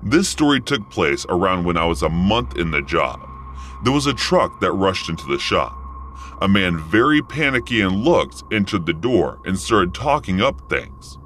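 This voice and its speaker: A young man narrates a first-person horror story for an animated channel. His voice is deep, yet it rises and falls a lot as he tells the tale. The delivery is expressive and story-driven. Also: slight background noise. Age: young adult.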